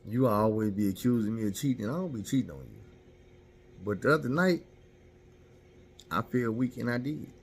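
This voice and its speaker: A man telling a personal story in a casual, unfiltered way, full of swearing. He is frank and laughs at his own mistakes. His voice sits at a middling pitch. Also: big pitch swings, moderate pace, vocal fry, pauses often, slight background noise. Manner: profane, candid, self-mocking.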